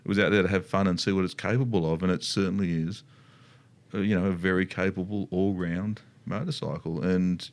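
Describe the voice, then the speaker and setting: In a casual chat about riding, a middle-aged Australian motorcycle dealership co-host speaks in a low voice with fairly even intonation and a brisk pace. His talk rambles, full of restarts and side comments.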